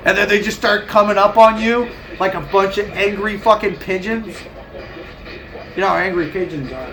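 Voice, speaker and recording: A man's voice: sits high, moderate pace, crowd noise, poor audio. A man on a live stream, chatting casually and ranting with heavy swearing and frequent laughs. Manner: profane, ranting, laughs often. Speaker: livestreamer.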